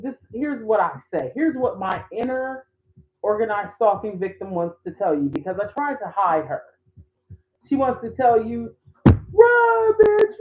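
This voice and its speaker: A woman talking in a rambling, conversational way in a casual commentary vlog, with many restarts. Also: medium pitch. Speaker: YouTube commentator. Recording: tinny phone-like sound.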